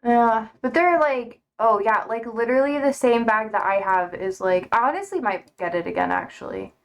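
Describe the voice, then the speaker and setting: Chatty young woman rambling on stream. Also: fairly high pitch. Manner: rambling, chatty, swears casually, quick to laugh. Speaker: live streamer. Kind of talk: casual chat to a live stream.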